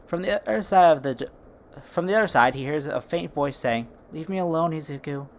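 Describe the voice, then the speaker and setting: A casual storyteller narrates a homemade fan story in a middle pitch. The delivery is informal, with chatty asides to listeners. Faint background hiss is audible. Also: animated, fairly quick.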